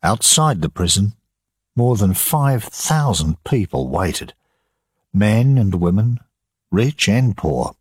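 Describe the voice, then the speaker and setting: A man narrating an audiobook for learners in a slow, measured reading. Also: on the low side, big pitch swings, breathy edge, no echo, clean studio sound.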